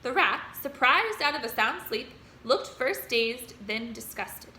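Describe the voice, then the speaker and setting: High, bright teacher reading aloud. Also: female voice, a little slow, a little hiss or hum. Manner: expressive storytelling. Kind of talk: reading a children's novel aloud. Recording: roomy room echo.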